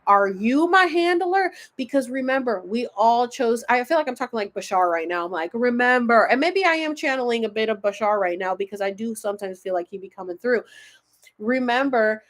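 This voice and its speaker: A woman hosting a casual spiritual livestream, chatting and rambling, often losing her thread. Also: fairly high pitch.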